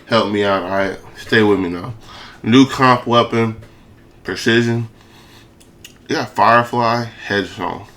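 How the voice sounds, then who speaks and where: A man's voice: on the low side, a little slow, long pauses, a bit bright, slight background noise. A young man giving hyped, slangy commentary over a game, his speech slurred with a lisp and full of repeated phrases. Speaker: gaming video creator. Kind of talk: casual commentary over gameplay.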